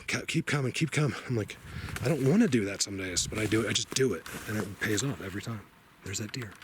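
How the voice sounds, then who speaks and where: Excitable man vlogging on a trail. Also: gravelly, noisy background. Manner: excitable, talks to animals in a high baby voice, drops to hushed tones. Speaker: outdoor vlogger. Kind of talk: casual walking vlog. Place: outdoors on a trail.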